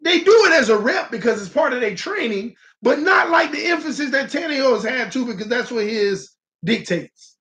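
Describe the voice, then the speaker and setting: A man's voice: extremely high pitch, animated, normal speed, bright, forceful tone. A man hosting a casual live-stream sports talk show, talking animatedly and straight to his viewers. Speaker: sports channel host.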